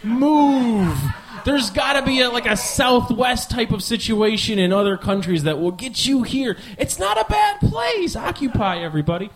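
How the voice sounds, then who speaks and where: A man's voice: high voice, moderate pace, faint music behind. A man in his twenties from the Midwest, hosting a live comedy podcast with a rambling, profane, self-mocking monologue. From American Midwest. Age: 20s.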